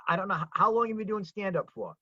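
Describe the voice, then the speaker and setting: High, bright-voiced man on a video call. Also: big pitch swings, rapid-fire, dry recording. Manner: chatty, enthusiastic, repeats words. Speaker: comedian. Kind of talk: casual video chat. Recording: dull lo-fi video call audio.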